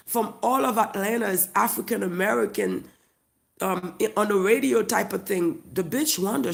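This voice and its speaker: A comedian with a Haitian accent tells a profane, loud, mocking story straight to camera. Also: mid-range voice, vocal fry.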